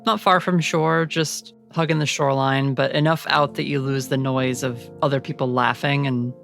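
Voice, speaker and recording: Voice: medium pitch, fairly even intonation, normal speed, gravelly, fairly bright tone, soft background music. A game master narrating a tabletop role-playing scene in a casual, filler-heavy way.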